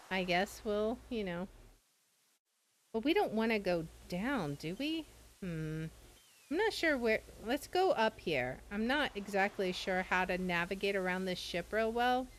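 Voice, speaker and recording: Woman streamer musing out loud, slow and unsure, faint room sound. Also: medium pitch, a little hiss or hum. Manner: unhurried, thinking aloud, tentative. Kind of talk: casual game commentary.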